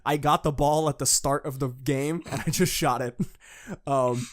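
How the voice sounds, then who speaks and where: A young man co-hosting a casual fan podcast, excitable, laughing often and swearing as he recaps. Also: mid-range voice, normal speed. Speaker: podcast co-host.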